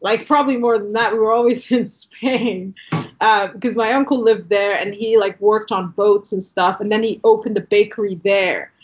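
Animated London-raised woman, casual chat. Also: mid-range voice, highs cut off. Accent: London English, shifted by years in Canada. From Southeast London, England. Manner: animated storyteller, frequent "like" fillers, quick asides. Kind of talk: casual conversation.

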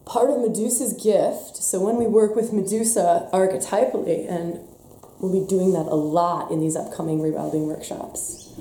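A woman leading a spiritual workshop talk on a live stream, emphatic, swinging between hushed and loud passages. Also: medium pitch, echoey room. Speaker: workshop leader.

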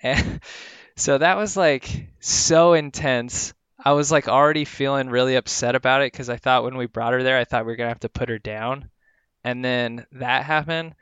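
A man chats casually, telling a rambling anecdote packed with filler words. His voice is smooth and resonant. The recording is dry and close, with no room sound. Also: mid-range voice, fairly even intonation, moderate pace, a bit bright, no room sound. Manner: rambling storytelling with frequent "like" fillers. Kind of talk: casual chat.

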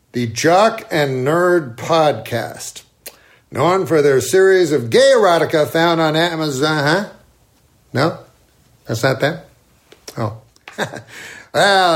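Brief: bumbling deadpan comedian, played by a man, slow, slightly raised voice. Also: on the high side. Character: deadpan male comedian fumbling a promo read.

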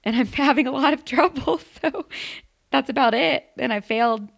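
A woman's voice: sits high, moderate pace, creaky. Chatty young woman, laughing asides. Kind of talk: casual chat.

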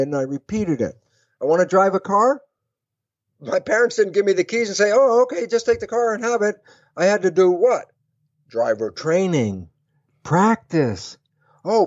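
A man explaining ideas in an interview, animated and acting out both sides of imagined conversations. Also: sits high, no room sound, highs cut off. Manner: lively, acts out both sides of imagined dialogues. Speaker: guest speaker.

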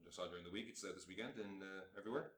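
Fast, bright-voiced man chatting about films. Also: deep voice, reverberant, a little hiss or hum. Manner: animated, profane, acts out scenes in bursts. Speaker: film podcast host. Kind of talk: casual film review chat.

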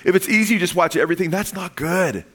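Animated male preacher with restarts. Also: sits high, fast. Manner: animated and conversational, with frequent restarts and rising emphasis. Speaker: pastor. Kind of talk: sermon.

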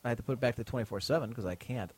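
Talking very fast in a husky, darkish, medium-pitched voice, this man hosts a laid-back podcast. He swears and wanders off topic while reading listener letters, often leaving sentences unfinished.

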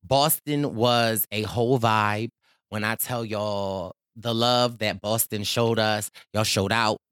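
A man's voice: lowish voice, fairly even intonation, takes it slowly, fairly bright tone, clean tone, no room sound, clean studio sound. A man hosting his podcast in a playful, chatty monologue, calling himself your baby boy. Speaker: podcast host. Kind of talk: casual monologue.

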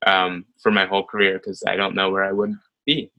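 Young male dancer, interview guest: low but bright voice, relaxed storytelling with fillers. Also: brisk, vocal fry, dull audio. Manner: chatty, many ums, animated retelling.

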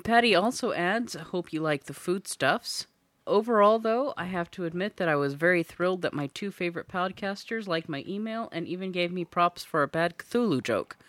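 A woman's voice: fairly low pitch, animated, normal speed, dry recording. A woman co-host reading listener feedback aloud in a playful way on a podcast.

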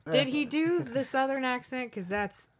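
A woman's voice: sits high, moderate pace, crowd noise. A woman co-hosting a podcast, explaining her point earnestly in casual chat. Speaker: podcast co-host. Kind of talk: casual movie discussion.

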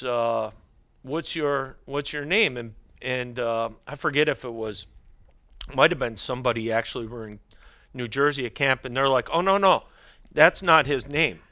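A man's voice: mid-range voice, sharp tone, clean tone, no echo, clean studio sound. A middle-aged man, a hockey equipment manager, telling rambling stories as a podcast guest and dropping his voice to quote other people. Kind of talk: casual storytelling chat.

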